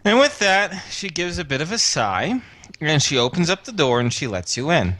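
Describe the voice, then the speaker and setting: A man's voice: a little high, normal speed, no echo. Man narrating as game master. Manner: relaxed narration with fillers.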